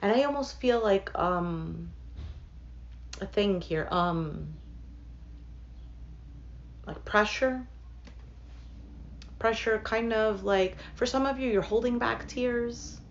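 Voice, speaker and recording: A woman's voice: medium pitch, slow, vocal fry, long pauses, dull audio, slight background noise. A woman reading tarot cards for her viewers in a casual, thinking-aloud way, with many fillers and asides. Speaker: tarot reader.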